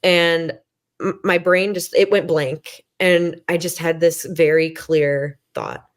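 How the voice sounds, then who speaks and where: A woman's voice: fairly low pitch, slow. A woman in her thirties, a podcast guest, candidly telling a personal story with many fillers and restarts, self-deprecating, acting out her own past thoughts. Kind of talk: conversational storytelling.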